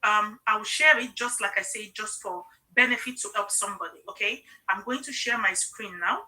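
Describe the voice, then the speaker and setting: A middle-aged woman hosts a casual sales live stream in a bright, forceful mid-range voice at a moderate pace, captured on a low-quality recording. Her storytelling is earnest, emotional and personal, and she often checks in with "okay?".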